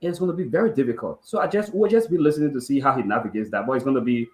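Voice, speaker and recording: A man weighs the politics in a measured way, his voice at a middle pitch. The sound is roomy and echoey. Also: expressive. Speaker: political commentator. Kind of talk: talk show analysis. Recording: echoey room.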